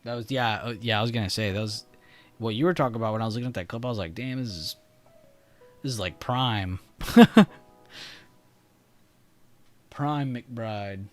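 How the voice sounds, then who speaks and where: A man's voice: fairly low pitch, normal speed, pauses often, soft background music. Laid-back young man chatting on a livestream. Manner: laid-back, laughing, slangy. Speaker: trading livestream host. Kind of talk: casual chat on a livestream.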